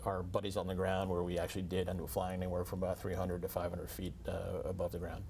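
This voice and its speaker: A man's voice: low-pitched, completely flat delivery, fast talker, vocal fry, a little mellow, a little hiss or hum. A middle-aged man being interviewed as a retired fighter pilot, polite and matter-of-fact. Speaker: guest, retired Air Force fighter pilot. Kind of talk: interview answers.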